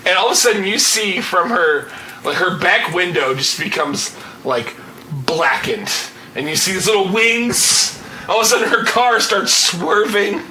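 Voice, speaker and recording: Bright-voiced man running a tabletop game. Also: high-pitched, animated, unhurried, reverberant, far from the mic, a little hiss or hum, rough recording. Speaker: game master.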